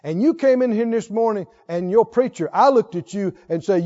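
A man's voice: high-pitched, expressive, normal speed, few pauses, warm tone. A male preacher delivering a fervent sermon, exhorting and calling on the congregation to answer back. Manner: fervent, exhorting, calls for audience response. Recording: dull lo-fi recording.

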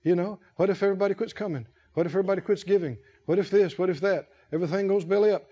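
A man with a strikingly high voice delivers an impassioned sermon from the pulpit. He drives home his points by repeating phrases and swelling toward shouts. The recording sounds a little dull and muffled. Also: rapid-fire. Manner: emphatic preaching, repeating key phrases with rising intensity. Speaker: pastor.

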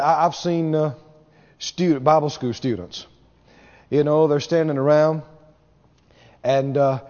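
A warm-toned pastor whose voice sits on the high side preaches with emphasis, returning to key words and mimicking people with a laugh. The recording has a dull, reverberant hall quality.

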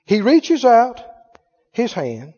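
A man's voice: extremely high pitch, wildly swooping pitch, warm tone. A man preaching a sermon as pastor, who keeps asking his congregation questions. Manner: asks the congregation rapid questions. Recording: dull recording in a reverberant hall.

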